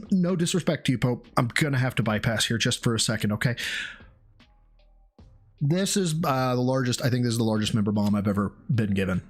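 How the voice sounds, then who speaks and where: A man hosting a casual livestream, excitable and rambling, swearing freely as he thanks viewers. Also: medium pitch. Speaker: streamer host.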